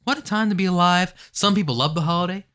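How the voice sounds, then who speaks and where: A man's voice: sits high, fast, sharp tone. A young man co-hosting a live stream, rambling in a laid-back, slangy casual chat. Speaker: co-host.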